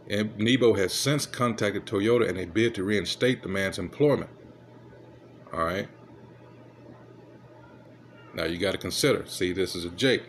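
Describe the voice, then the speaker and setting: A man casually reading news articles aloud and commenting, halting and muttering asides as he fumbles with his device. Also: deep voice, a little hiss or hum.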